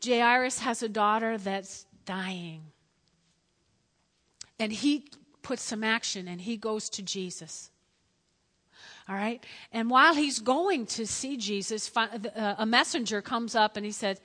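Bright-voiced woman preaching in a hall. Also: a little high, measured pace. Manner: animated storytelling, acting out quotes. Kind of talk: lively sermon.

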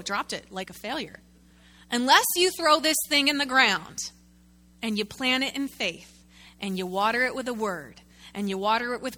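An animated woman pastor delivering a sermon, her voice high and very bright. She keeps calling out to the congregation and drawing them in with questions. Her delivery is lively and direct. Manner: animated, talks with the congregation, uses a prop.

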